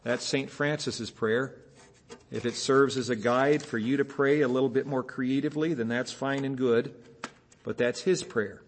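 A man's voice: mid-range voice, normal speed, slight background noise. A man preaching a sermon as a pastor, speaking emphatically and asking his listeners rhetorical questions. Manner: mimics dull repeated phrases in a flat, weary tone.

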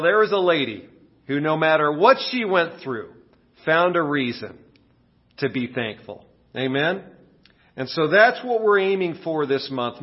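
A pastor gives a sermon while recovering from a cold, so his voice sits a little high and has a breathy edge. He tells his story with big, acted-out exclamations. The recording sounds dull and lo-fi.

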